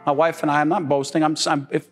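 A middle-aged man preaching a sermon, animated and joking, with sudden high exclamations and laughter. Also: fast, soft background music.

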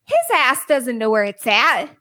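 A young adult woman on a podcast, telling a story in an animated, exasperated way and swearing freely. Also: a little high, unhurried, no echo. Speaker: guest podcaster. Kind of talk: casual storytelling.

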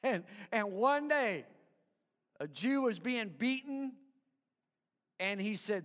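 A man's voice: sits high, lively intonation, slow, pauses often, a bit bright. A man pastor delivering an emphatic sermon, calling for responses from the congregation and often stumbling over repeated words. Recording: live sermon with long hall reverb.

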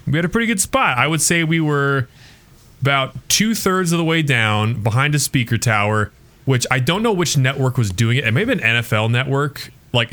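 A man co-hosting a sports podcast, telling a long story in a rambling, animated way with lots of fillers. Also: medium pitch. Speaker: podcast co-host. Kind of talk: casual storytelling chat.

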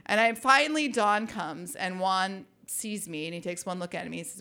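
A woman from Minnesota telling a lively personal story, with wry asides and vivid detail. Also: lowish voice, normal speed, hardly any pauses. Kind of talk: personal story told to an audience.

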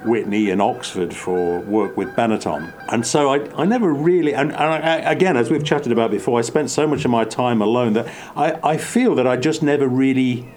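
A man's voice: mid-range voice, fairly quick, hardly any pauses. A man with an English accent from the Midlands chatting reflectively at a table, often restarting his sentences. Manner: reflective, many restarts, animated bursts. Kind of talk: casual chat.

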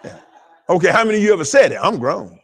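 A male pastor preaching in a high, very lively voice. He draws the congregation into call-and-response and piles up repeated words for emphasis. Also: rapid-fire. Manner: stammering repetitions while building emphasis. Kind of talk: sermon.

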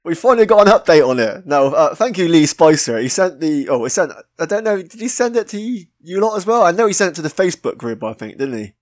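A man's voice: fairly high pitch, sing-song, quick pace, few pauses, dry recording, studio quality. A man with a British accent co-hosting a podcast, bantering in a bashful, self-mocking way. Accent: British English. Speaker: podcast co-host. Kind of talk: casual chat.

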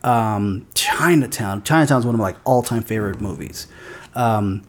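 A male podcast co-host chatting casually about film and TV. He is excitable and swears freely. His talk is peppered with "like.". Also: on the low side, normal speed. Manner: excitable, swears a lot, many "like" fillers.

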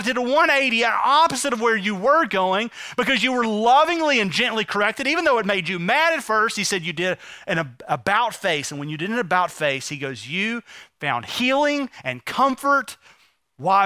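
A man delivers a sermon from the pulpit, his voice sitting high and bright. He retells scripture in plain, conversational words and draws the congregation into responding. The sound is close and dry. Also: no echo. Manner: preaching with rising emphasis, paraphrasing scripture conversationally. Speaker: pastor.

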